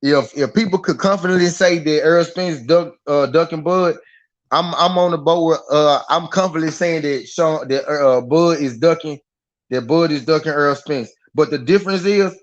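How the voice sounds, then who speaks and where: A man rants on a boxing talk stream, swearing freely and hammering the same point again and again. His voice sits a little high, and the live-stream audio comes through dull and lo-fi. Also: moderate pace. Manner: animated, profane, repeats himself for emphasis. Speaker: boxing podcast host. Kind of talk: heated live-stream rant. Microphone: live-stream mic.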